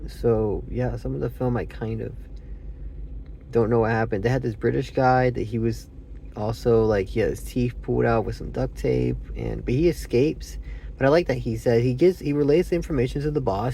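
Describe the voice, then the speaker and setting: A man's voice: mid-range voice, normal speed, creaky, mellow, slight background noise. Sleepy man rambling through a movie review. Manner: meandering, lots of fillers and self-corrections, acts out quotes. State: sleepy, yawning.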